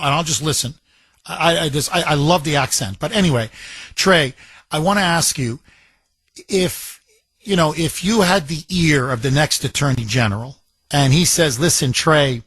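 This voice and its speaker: A man hosting a call-in talk radio show, talking in an excitable, rambling and emphatic way. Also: a little high, slightly rough, no room sound. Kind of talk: talk radio, taking calls. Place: radio studio. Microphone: studio microphone.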